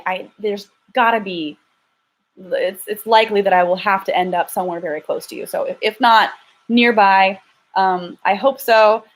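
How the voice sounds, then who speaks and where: A young woman chatting casually on a live stream, frank and self-deprecating, often stumbling and restarting as she answers viewers' questions. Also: mid-range voice. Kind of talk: casual live-stream chat reading super chats. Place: home, lives in LA.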